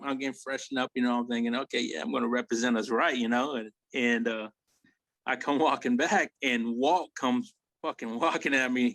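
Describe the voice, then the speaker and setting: A male veteran recounts his deployment in a relaxed, profane interview voice of middle pitch. He slips into quoted dialogue as he goes, laughing along the way. The sound is dry and close, with no room echo. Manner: profane, animated storytelling with acted quotes. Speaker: interview guest, Army veteran. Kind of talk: casual storytelling interview.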